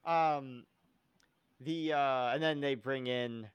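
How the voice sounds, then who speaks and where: A man co-hosting a casual podcast, rambling and joking, often slipping into loud comic impressions. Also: mid-range voice, fairly even intonation, takes it slowly, dull audio, heavy background noise. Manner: rambling, jokey, slips into loud comic voices. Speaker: podcast co-host. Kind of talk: casual chat reviewing a TV show.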